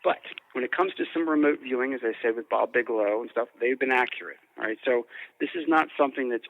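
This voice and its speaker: A man's voice: medium pitch, fast, no echo. A man being interviewed about paranormal recordings, speaking in a rambling way, with frequent restarts and repeated words. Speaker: interview guest, paranormal investigator. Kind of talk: conversational interview. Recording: tinny phone-like line.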